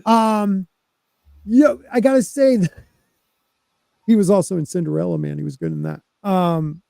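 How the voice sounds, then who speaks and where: A man's voice: sits high, fairly even intonation, normal speed, vocal fry, mellow, no room sound. A man co-hosting a podcast in casual chat, joking and teasing his co-hosts. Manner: joking, teasing banter with fillers. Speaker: podcast co-host.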